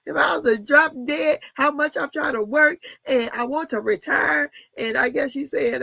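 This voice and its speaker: Woman, 50s, reality TV commentator; casual, blunt, gravelly, laughs a lot. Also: sits high, unhurried, fairly bright tone, no echo. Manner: candid, laughing, blunt with cussing. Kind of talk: casual chat.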